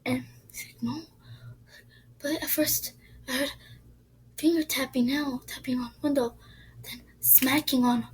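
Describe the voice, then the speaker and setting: A woman's voice: sits high, normal speed, pauses often, slight background noise, rough recording. A woman telling a ghost story in a casual, rambling way, often dropping to a whisper.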